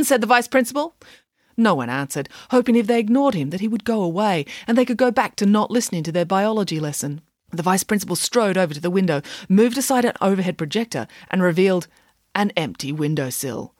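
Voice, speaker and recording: A woman narrating a children's story aloud in a measured, wry way. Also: medium pitch, animated, no echo, studio quality. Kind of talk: audiobook narration.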